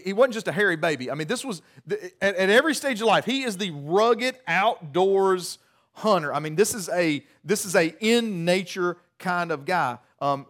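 A man's voice: high voice, a bit bright. A man preaching a sermon, retelling a Bible story in a casual, humorous way with frequent restarts.

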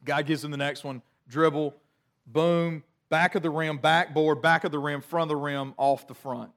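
A middle-aged male pastor preaching with a relaxed, conversational warmth of storytelling. His voice sits a little higher than most men's, and he talks in an animated, self-deprecating way. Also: moderate pace. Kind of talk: sermon.

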